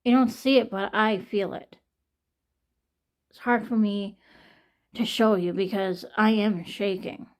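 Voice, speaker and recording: A woman's voice: mid-range voice, steady tone, takes it slowly, long pauses, darkish tone. A young woman in an emotional personal vlog, venting and swearing, shaky and near tears from pain. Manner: distressed, venting, swearing often. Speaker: vlogger.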